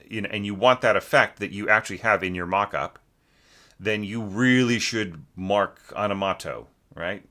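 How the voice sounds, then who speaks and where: A deep-voiced orchestration teacher reviews a student's score in a relaxed spoken critique, thinking aloud with plenty of filler words. His tone is bright and forceful, and he sings musical phrases to illustrate his points.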